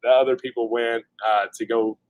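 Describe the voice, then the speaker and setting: A man's voice: medium pitch, normal speed, no room sound. A man, co-hosting a casual livestream and telling a story with frequent laughs. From Kentucky, USA. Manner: animated storyteller, laughs often, acts out quotes. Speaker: co-host of a homestead channel livestream.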